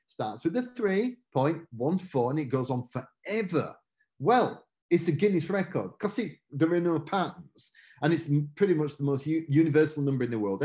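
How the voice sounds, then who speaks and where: A man's voice: a little high, darkish tone. A middle-aged British man giving a chatty, self-mocking motivational talk and acting out quotes from his own story. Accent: British English. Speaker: motivational speaker.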